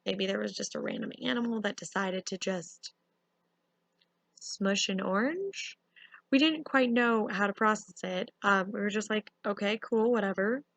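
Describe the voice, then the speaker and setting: A young woman telling a casual storytime, animated and full of fillers. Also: mid-range voice, unhurried, creaky, no room sound. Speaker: vlogger.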